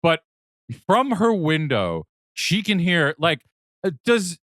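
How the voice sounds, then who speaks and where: A man's voice: a little high, very animated, slow pace, fairly bright tone, no echo, studio quality. A man co-hosting a comedy film podcast, recapping with wry, incredulous questions. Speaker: podcast co-host.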